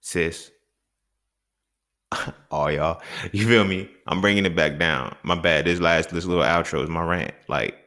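A young man hosting a solo podcast, ranting with heavy profanity and swinging between loud outbursts and low mutters. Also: measured pace, pauses often. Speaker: podcast host.

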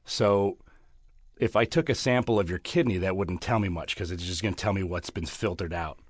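A man with a low voice talks through ideas casually on a podcast, halting and restarting as he goes. The sound is dry and close, with no room around it. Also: husky, no room sound. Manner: rambling, halting explanations with restarts. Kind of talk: casual chat.

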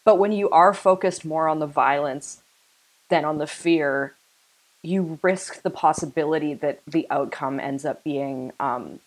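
A young woman with a notably low voice, talking in a loose, rambling way. She co-hosts a casual podcast, and her sentences are strung together with lots of "like.". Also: poor audio. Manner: chatty, filler-heavy, uses "like" a lot. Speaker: podcast co-host. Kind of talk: casual chat.

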